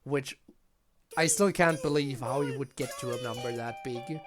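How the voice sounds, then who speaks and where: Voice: medium pitch, normal speed. A streamer talking casually during a live game stream, chatty and dropping short reactions. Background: game music.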